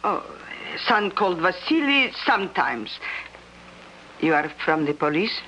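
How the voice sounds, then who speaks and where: Cast: greedy old female medium, bright voice, crafty, radio play. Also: lowish voice, big pitch swings, a little slow, dull audio, slight background noise, heavily acted. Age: older. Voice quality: crafty, haggling, claims to be hard of hearing. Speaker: fortune-telling medium. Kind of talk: 1970s radio drama acting.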